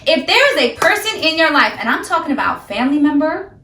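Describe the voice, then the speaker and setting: A woman delivers an emphatic, ranting motivational talk directly to her viewers. Her voice is fairly high and bright with a forceful edge. She sounds like she is recording in an echoey room, set back a little from the microphone. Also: sing-song, quick pace, recorded from a distance, a little hiss or hum. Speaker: sobriety vlogger. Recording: echoey room, voice a bit off-mic.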